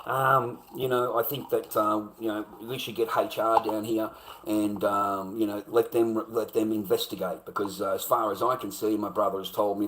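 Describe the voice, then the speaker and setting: A man's voice: fairly low pitch, fairly even intonation, moderate pace, a bit bright. An Australian man telling a workplace grievance in a blunt, repetitive rant with heavy swearing. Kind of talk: ranting monologue.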